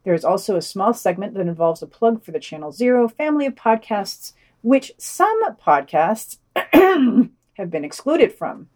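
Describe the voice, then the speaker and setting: A woman's voice: mid-range voice, expressive, moderate pace, a little mellow, far from the mic. Woman podcast co-host, wry and hesitant, speaking a little off-mic. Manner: wry, hesitant, restarts her thoughts. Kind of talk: podcast reviews and casual discussion.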